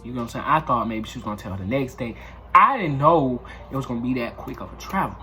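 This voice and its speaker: A man's voice: medium pitch, fast talker. Male storytime vlogger, casual slangy delivery, swears freely, faint music bed. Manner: animated, swears freely, acts out quotes.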